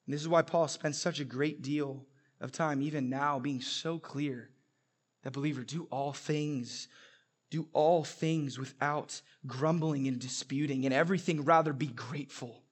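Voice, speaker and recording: A man's voice: a little high, fairly even intonation, a little slow, slightly rough. Young man preaching with humor. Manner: storytelling with humor and emphatic repetition. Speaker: pastor. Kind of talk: sermon.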